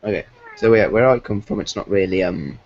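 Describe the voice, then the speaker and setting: A man's voice: lowish voice, a little fast, a little mellow. A man co-hosting a casual online fan chat, laughing often and cutting in to ask others to hold on, on a dull lo-fi recording. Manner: laughs often, interrupts with "hang on".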